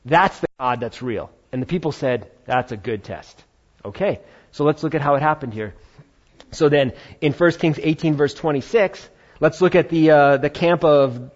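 A man preaching a sermon, retelling a Bible story with lively acted-out voices. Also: a little high, highs cut off. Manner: animated storytelling, acting out biblical voices. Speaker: pastor.

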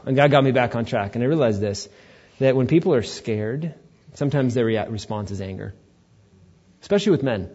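Man preaching with a dark tone. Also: medium pitch, expressive, brisk, husky. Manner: conversational, joking asides to the congregation. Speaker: pastor. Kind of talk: sermon. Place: church. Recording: dull lo-fi recording.

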